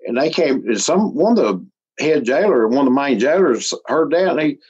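A man's voice: mid-range voice, sing-song, moderate pace, a little mellow, slightly rough. A middle-aged man, telling a story in casual, folksy talk, chuckling often and sometimes close to tears. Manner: folksy, chuckling, gets emotional. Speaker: interviewee. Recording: slightly muffled recording.

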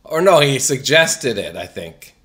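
A man with a bright, forceful voice at an ordinary male pitch, chatting loosely on a podcast. He laughs often and tells his stories in a rambling, irreverent way, with the odd curse thrown in. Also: sing-song, unhurried. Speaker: podcast co-host. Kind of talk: casual chat.

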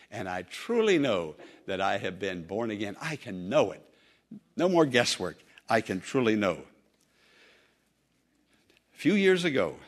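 A male preacher telling a story in a sermon, earnest and emphatic, drawing out key phrases slowly. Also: mid-range voice.

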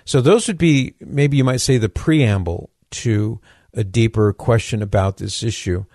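A man hosting a radio call-in show who is losing his voice, answering a caller's question in a measured, explanatory way. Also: lowish voice, a little mellow, no room sound, studio quality.

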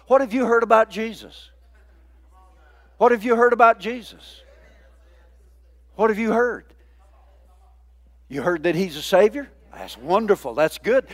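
A man preaching a sermon, drawing out key words and calling for the congregation's response. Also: sits high. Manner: call-and-response preaching, drawn-out emphasis. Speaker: pastor.

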